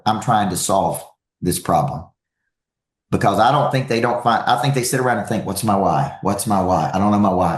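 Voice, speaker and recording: In an echoey room, a man with a lowish voice delivers a motivational coaching talk to an audience. His storytelling is energetic, and he repeats phrases to drive points home.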